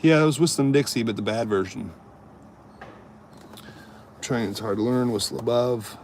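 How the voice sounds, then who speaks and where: A man's voice: medium pitch, moderate pace, darkish tone, a little hiss or hum. A man and amateur comic chatting on a live stream, telling rambling jokey stories and answering his viewers. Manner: jokey, rambling storyteller who chats to viewers.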